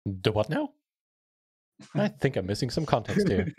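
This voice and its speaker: A man's voice: medium pitch, big pitch swings, moderate pace, darkish tone, breathy edge. Polite male poker streamer, casual chat with viewers.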